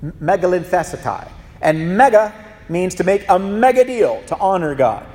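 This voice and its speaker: A man preaching a sermon as pastor, in a conversational, animated way with frequent restarts. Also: high voice, normal speed. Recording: long reverb of a large hall.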